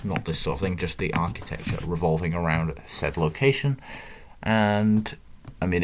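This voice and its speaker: Background noise accompanies a low-voiced young man from northern England as he casually commentates on a game. As a gaming video host, he's chatty and self-deprecating, thinking out loud with muttered asides.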